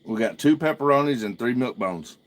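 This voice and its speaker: A man's voice: mid-range voice, expressive, fairly quick. A man hosting a casual livestream outdoors at home at night, joking and swearing loosely into a propped-up phone. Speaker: livestream host.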